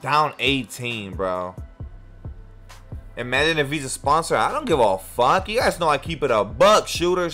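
A man's voice: medium pitch, sing-song, normal speed, bright, forceful tone, soft background music. A young man streaming a basketball video game, cursing and trash-talking his opponent while thanking viewers for donations. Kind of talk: live game stream commentary.

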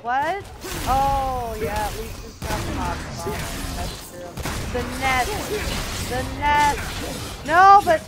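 A woman hosting a let's play, giving loud commentary full of exclamations and frustrated swearing. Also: high voice, animated, slow pace. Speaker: gaming channel host. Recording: game music under the voice. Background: game music.

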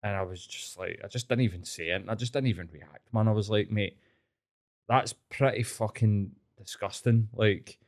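A man with a Glaswegian Scottish accent hosting a podcast, telling stories in a sweary, animated way. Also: lowish voice, brisk, few pauses. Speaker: podcast host. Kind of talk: casual chat.

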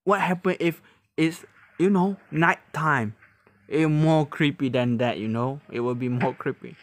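A man hosting a reaction video, talking casually in halting English, often laughing and exclaiming. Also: fairly high pitch, fairly even intonation.

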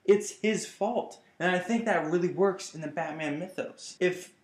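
A man gives a casual vlog review, enthusiastic and rambling. His voice sits a bit high for a man. The room around him is roomy and echoey. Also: normal speed. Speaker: comic book reviewer.

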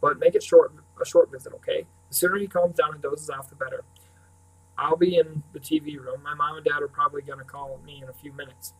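A man's voice: a little high, fairly even intonation, fairly quick, distant mic, rough recording. A man voicing a scheming, practical teenage boy who explains things in a matter-of-fact way, in an audiobook. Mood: businesslike.

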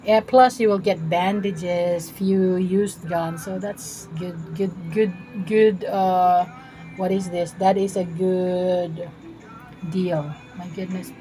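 A woman's voice: lowish voice, steady tone, slow, mellow, soft background music, low-quality recording. A woman streaming a game from her room at home, chatting with viewers and laughing often. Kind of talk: live gameplay stream chat.

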